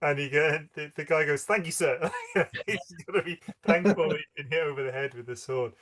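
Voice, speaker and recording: A man's voice: on the high side, fairly quick, a bit bright. A man, co-hosting a casual film podcast and laughing as he retells favourite scenes. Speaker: podcast co-host.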